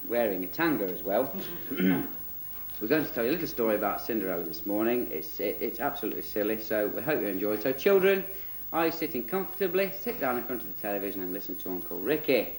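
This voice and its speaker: A man's voice: lowish voice, sing-song, fast talker, a little mellow, a little hiss or hum. A man, presenting and telling a spoof children's story in a cheeky, giggly storybook tone. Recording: roomy echo.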